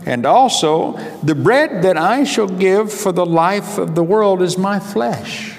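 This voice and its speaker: A man delivers a sermon in a slightly raised voice, stretching his words slowly and emphatically as he reads scripture aloud. His voice rings with a long reverb from the hall. Faint background noise sits under it. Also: high voice, animated, creaky. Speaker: preacher.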